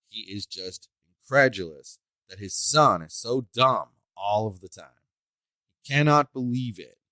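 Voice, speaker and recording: A man's voice: fairly low pitch, fairly bright tone, dry recording, rough recording. A man hosting a solo podcast, ranting in an indignant, emphatic way and drawing out the words he stresses. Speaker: podcast host.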